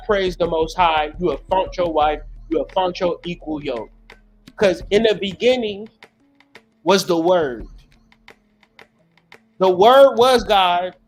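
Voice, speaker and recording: A man hosting his channel, giving a profane, preachy monologue in an emphatic style. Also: high-pitched. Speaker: host.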